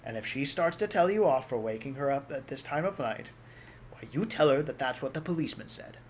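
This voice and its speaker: A gruff policeman from a storybook reading, humoring a child with amused condescension, as a man reads him. He talks in a reassuring but dismissive way. A faint background hum sits under the voice. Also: mid-range voice, lively intonation, a little fast, lightly acted. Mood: patronizing. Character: gruff, patronizing adult male policeman.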